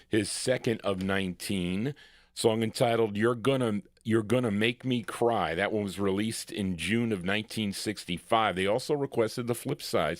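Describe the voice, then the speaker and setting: A man's voice: fairly low pitch, dry recording, clean studio sound. A man hosting a live music show, chatting casually between records and announcing listener requests. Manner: easygoing, chatty, announces requests and chart facts. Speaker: radio show host and record DJ.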